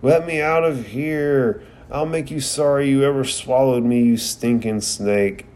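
Brash young ninja lad, panicky shouting in a raised pitch, played by a man recapping a cartoon. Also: normal speed, close to an everyday voice. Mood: angry. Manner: yelling, frantic. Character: brash loud boy ninja trapped in a snake.

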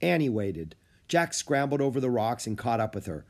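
A man reading a children's chapter book aloud in an expressive storytelling manner. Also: medium pitch, normal speed. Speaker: audiobook narrator.

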